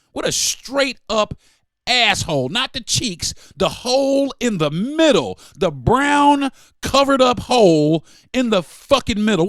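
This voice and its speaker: A man's voice: on the high side, fairly bright tone, no room sound, studio quality. A middle-aged man hosting a solo podcast, ranting angrily with heavy profanity and mocking quotes. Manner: profane, heated, repetitive, mock-quoting others. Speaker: podcast host. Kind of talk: angry solo podcast rant.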